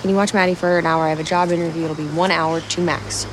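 An actress playing a hurried, exasperated young single mother, curt and impatient in a TV drama scene. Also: on the low side, steady tone, background noise, close to an everyday voice.

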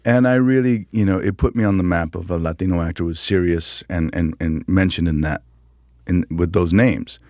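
A man from the United States, an actor guest telling stories in an interview, animated and laughing, often acting out quotes. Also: deep voice, moderate pace, dry recording, studio quality. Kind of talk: casual interview storytelling.

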